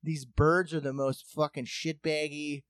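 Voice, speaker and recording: A man's voice: on the high side, unhurried, no room sound, clean studio sound. A man telling a long story in casual comedic chat, swearing freely and acting out what others said. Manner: profane, animated, acts out quotes.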